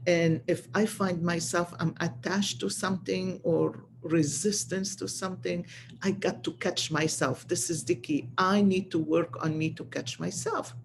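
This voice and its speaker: Slow, gravelly woman telling a story. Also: fairly low pitch, steady tone, a little hiss or hum. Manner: earnest, repeats phrases for emphasis. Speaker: spiritual channel host. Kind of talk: personal storytelling to viewers.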